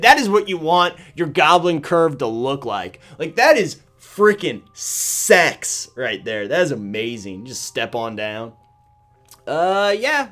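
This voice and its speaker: A man's voice: on the high side, a bit bright. A man hosting a gaming channel, commenting casually on cards in a rambling, sarcastic way and laughing often. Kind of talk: casual video game commentary.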